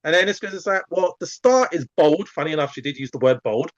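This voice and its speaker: Man, animated chatty coach, dry close sound, slightly muffled video call. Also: fairly high pitch, fast, no echo. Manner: chatty, animated, acts out examples. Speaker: community coach. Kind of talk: live video call masterclass.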